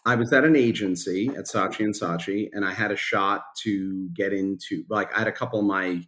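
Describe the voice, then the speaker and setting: A man's voice: fairly low pitch, fairly quick, a bit bright. A man in his fifties, a company founder, telling a story in a casual and blunt way, swearing freely, in a podcast interview. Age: 50s.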